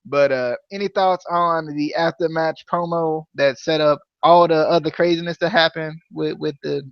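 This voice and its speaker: A man's voice: a little high, steady tone, normal speed, clear, resonant tone, no echo, dull audio. A man co-hosting a podcast, casually recapping a wrestling show, often laughing and acting out quotes. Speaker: podcast co-host.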